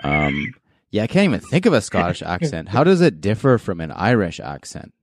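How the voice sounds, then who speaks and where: A man's voice: deep voice, huge pitch swings, a little fast, slight background noise. A man hosting a casual podcast, loose and joking, laughing often as he runs the show. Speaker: podcast host.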